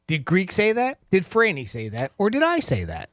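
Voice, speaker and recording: A man's voice: high-pitched, huge pitch swings, moderate pace, hardly any pauses, a bit bright, no room sound. A man hosting a radio contest, upbeat and laughing easily, on a studio microphone. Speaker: radio host.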